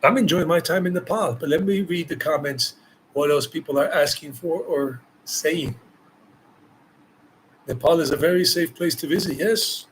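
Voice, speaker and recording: A man's voice: on the high side, normal speed, slight background noise, rough recording. A man from the United States, a travel vlogger answering viewer questions live, talking emphatically and repeating phrases for stress. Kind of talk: live Q&A chat.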